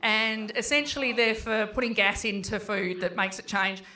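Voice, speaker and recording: A middle-aged Australian woman performing a stand-up comedy set in a small pub, chatty and swearing freely as she acts out her kids in quick voices. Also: medium pitch, sharp tone.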